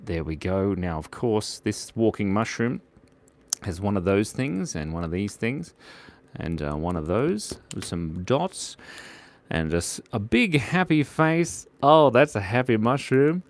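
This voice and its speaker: A young man chats his way through a live drawing stream, laughing at his own sketches. His pitch swings widely and animatedly, and the sound is close and dry with no room echo. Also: sing-song, normal speed. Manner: playful, giggly, chatty, reads out viewer comments. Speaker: drawing livestream host. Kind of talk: casual live drawing chat.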